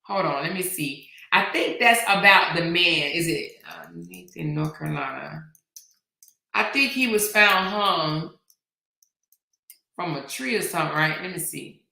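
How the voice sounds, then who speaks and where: A woman's voice: fairly low pitch, animated, measured pace, creaky, pushed and bright, reverberant. A middle-aged woman hosting a casual live stream, chatty and slangy, reading viewer comments aloud. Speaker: host.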